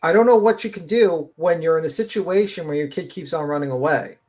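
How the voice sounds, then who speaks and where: Guy on a livestream panel, kinda high voice, blunt and swears a lot, rambles. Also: fairly quick, darkish tone. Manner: blunt, profane, rambling asides. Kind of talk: casual live-stream commentary.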